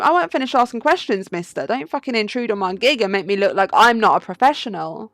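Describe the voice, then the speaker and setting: A woman's voice: on the high side, animated, quick pace, few pauses, a bit bright, dry recording. A young woman streaming a game live, chatty and laughing, swearing and talking to her chat. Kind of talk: casual live gameplay commentary. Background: faint game music.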